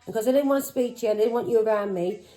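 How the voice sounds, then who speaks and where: A woman's voice: fairly high pitch, very fast, warm tone, rough recording. A middle-aged woman, a tarot reader who talks in an angry, accusing way, swearing and firing taunting questions. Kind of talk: tarot reading vlog.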